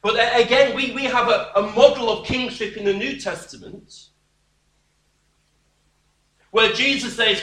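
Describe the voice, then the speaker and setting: Here the same kind of scripture-explaining sermon comes from a man with an extremely high, fairly bright voice who speaks unhurriedly and pauses often. He stays emphatic and expressive, tossing in wry, dismissive asides, captured at a distance from the mic in an echoey space.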